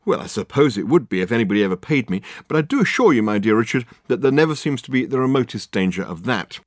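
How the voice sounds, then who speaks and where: A man doing a pompous, self-important detective, theatrical and loud, swooping up high, dry close audiobook sound. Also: animated, fast talker, dry recording, lightly acted. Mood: grandiloquent. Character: pompous, grandiloquent male detective.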